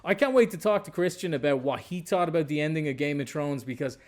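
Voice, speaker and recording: A man's voice: on the high side, lively intonation, quick pace, a little mellow. A man hosting a casual interview podcast, enthusiastic and informal, often repeating himself. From Ireland. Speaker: podcast host.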